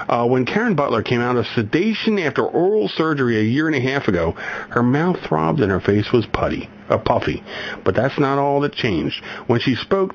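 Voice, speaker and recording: Rambling male talk radio host. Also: medium pitch. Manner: rambling, self-correcting, chuckles often. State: getting over a migraine. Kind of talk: casual talk radio monologue, reading news aloud. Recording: slightly dull radio recording, faint background noise.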